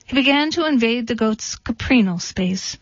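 A woman reading a storybook deadpan. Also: on the high side, moderate pace, no echo. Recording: dull, dry recording.

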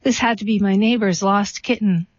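A woman reading a short story and a poem aloud in a steady, unhurried way. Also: medium pitch, dry recording. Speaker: reader. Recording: dull, slightly lo-fi dry recording.

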